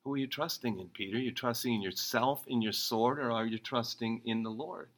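A man preaching in a relaxed, conversational way while walking his listeners through the passage verse by verse. His voice sits at an ordinary middle pitch. He acts out the lines he quotes. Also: fairly quick, rough recording. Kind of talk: expository sermon.

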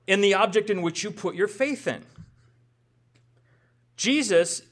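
A male pastor preaching a sermon in a conversational way, with rhetorical questions and self-deprecating humor. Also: high voice.

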